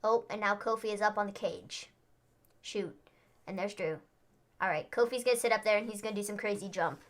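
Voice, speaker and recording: A woman's voice: medium pitch, brisk. A young woman co-hosting a live wrestling watchalong, chatting casually and filling her talk with "like". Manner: chatty, lots of "like". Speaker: co-host.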